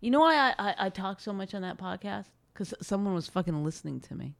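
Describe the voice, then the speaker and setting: A woman's voice: mid-range voice, animated, fast talker, creaky, no echo. A woman co-hosting a casual podcast, blunt and teasing with her partner. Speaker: podcast co-host.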